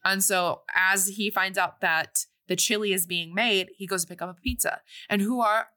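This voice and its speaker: A woman casually retelling a film's plot on a podcast, animated and breezy. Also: medium pitch, moderate pace. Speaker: podcast co-host recapping a film. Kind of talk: casual recap chat.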